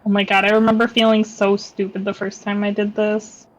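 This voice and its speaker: A woman's voice: mid-range voice, flat delivery, brisk, highs cut off. Playful woman gaming partner. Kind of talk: casual chat while gaming. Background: faint game music.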